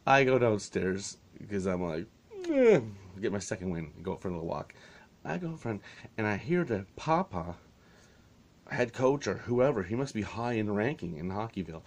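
A man's voice: fairly low pitch, lively intonation, normal speed. Exasperated, sarcastic man telling a story. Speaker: vlogger. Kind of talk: casual storytelling vlog.

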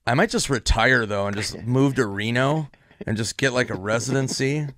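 A male comedian telling an anecdote in a deadpan, low-key way. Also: moderate pace, dry recording, studio quality. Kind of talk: anecdote told in casual chat.

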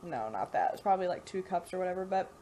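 A woman's voice: lowish voice, expressive, quick pace, dark tone. Southern lady vlogging in her kitchen, rambly and chatty, lots of like and you know, faint hum behind. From Mississippi, US. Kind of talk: casual chat to camera. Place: home kitchen, indoors.

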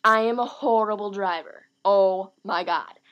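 A teenage girl vlogging in a casual, rambling, self-mocking way, talking in quick bursts. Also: mid-range voice, a bit bright, highs cut off. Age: late teens. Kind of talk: casual vlog monologue.

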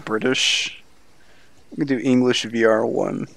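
A man's voice: mid-range voice, steady tone, a little slow, creaky, a bit bright. A young man streaming a military game, chatting casually, bemused and swearing freely. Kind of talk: casual gaming chat.

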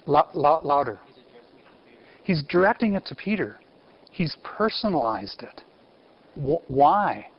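Animated man giving a theology lecture. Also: fairly high pitch, slow, long pauses, slightly rough. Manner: animated, asks the audience questions, frequent restarts. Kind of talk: university lecture. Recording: muffled lecture recording.

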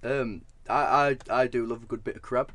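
A young man co-hosting a podcast, telling an absurd story in a deadpan way with halting restarts. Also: mid-range voice. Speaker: podcast co-host.

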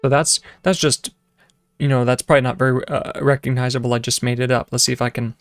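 A fast-talking man with a medium-pitched, level voice teaches music casually, demonstrating at the keyboard over background piano. He thinks aloud with fillers and restarts, sometimes humming and counting rhythms out loud.

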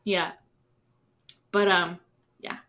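A woman's voice: fairly low pitch, flat delivery, very slow, sharp tone. A young woman co-hosting a podcast, giving chatty, giggly commentary. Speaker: podcast co-host. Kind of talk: casual chat.

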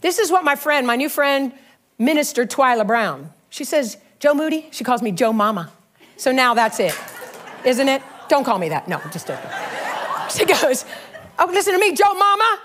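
Woman preacher, middle-aged, high and bouncy voice, animated storytelling sermon style. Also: normal speed, slight background noise. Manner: animated, storytelling, frequent laughs. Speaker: pastor.

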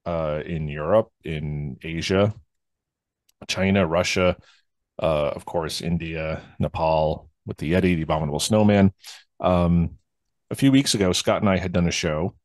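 A man with a low-sitting voice hosts a podcast, chatting casually and rambling, with many fillers and restarts. There's no room sound, and the audio is studio quality.

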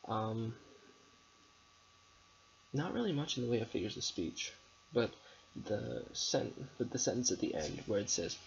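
A young adult male student, medium-pitched, expressive and creaky, speaks a little slowly with long pauses. He hesitantly analyzes a poem for a recorded presentation, full of ums and restarts, on a dull lo-fi recording with faint background noise.

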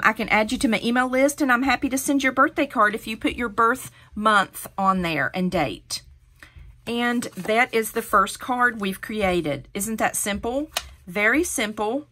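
A woman's voice: on the high side, bright, forceful tone. Chatty woman demonstrating a craft. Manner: chatty, encouraging, step-by-step. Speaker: crafting tutorial host.

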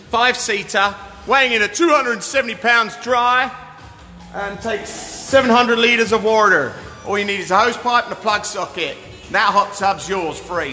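A man hosting a hot tub giveaway livestream, hyping up his viewers with a pushy sales pitch and constantly asking "yeah?". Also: pushed and bright. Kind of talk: live-stream sales pitch. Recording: echoey room with music behind.

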